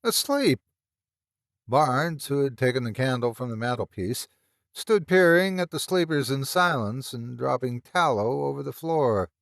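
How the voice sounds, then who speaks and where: A man narrating a classic horror story in an expressive, dramatic storytelling manner. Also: mid-range voice, normal speed, gravelly, no echo, studio quality.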